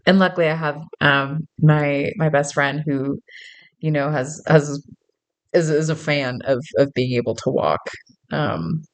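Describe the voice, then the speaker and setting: A woman with a notably low voice tells a personal story to camera in an easy, chatty way. She laughs often, fills her talk with fillers, and restarts her sentences as she goes. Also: steady tone, measured pace. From suburbs, grew up in. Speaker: vlogger. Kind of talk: casual storytelling monologue.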